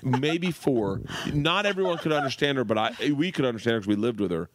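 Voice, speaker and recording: A man, a guest comedian, telling animated, profane family anecdotes in casual podcast chat. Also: medium pitch, brisk, slight background noise. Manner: animated anecdotes, swearing and laughing.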